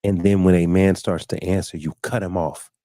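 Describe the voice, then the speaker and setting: A man's voice: deep voice, steady tone, moderate pace, warm tone, dry recording, clean studio sound. A man hosting a casual live-stream talk show, telling stories and acting out what other people said, often repeating words as he finds his thought. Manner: storytelling, acting out quoted people.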